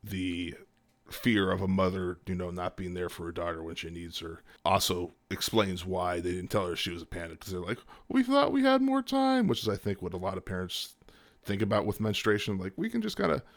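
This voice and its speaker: A lower-pitched man talks through a film in a casual review chat. He makes dry, wry asides in an easygoing way. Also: flat delivery, fairly quick.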